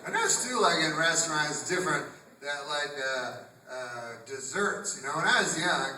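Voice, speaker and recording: A man doing stand-up comedy in a theater, rambling and deadpan, breaking into loud put-on voices. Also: on the high side, normal speed, a little hiss or hum. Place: theater stage. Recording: grainy, echoey theater recording from far off. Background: audience laughter.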